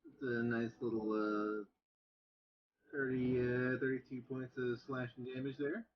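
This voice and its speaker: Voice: mid-range voice, measured pace, lo-fi sound, a little hiss or hum. A tabletop role-playing game player who jokes with the table while describing attacks, with faint music behind. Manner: joking, excitable. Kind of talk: casual tabletop game play. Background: faint fantasy background music.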